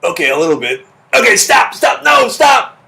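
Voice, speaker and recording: A man voicing a panicking, shouting heart. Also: sits high, big pitch swings, moderate pace, vocal fry, pitched above the performer's own voice, full character voice. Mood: alarmed. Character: a man's panicking heart, yelling in alarm.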